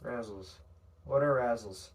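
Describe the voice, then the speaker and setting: A man's voice: mid-range voice, a little slow. A young man talking casually on his own, rambling and hesitant, with frequent fillers and casual swearing. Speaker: podcast narrator. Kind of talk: casual solo commentary.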